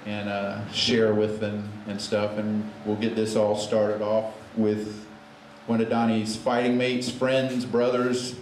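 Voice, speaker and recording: A man's voice: on the low side, monotone, takes it slowly, darkish tone. A man hosting a memorial gathering, leading an informal prayer and introducing speakers, with many fillers and restarts. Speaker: memorial service emcee. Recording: echoey room with faint noise.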